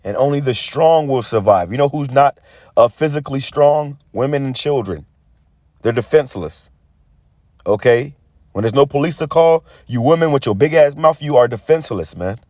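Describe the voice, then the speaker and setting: A man giving a casual preaching monologue, rambling and stammering as he repeats words, and reading scripture slowly and deliberately. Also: medium pitch, lively intonation, darkish tone, no room sound, studio quality. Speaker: street preacher.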